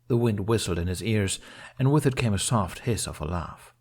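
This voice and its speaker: Male narrator for a fan fiction audiobook, low-pitched, steady delivery. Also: moderate pace, breathy edge. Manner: steady, storytelling.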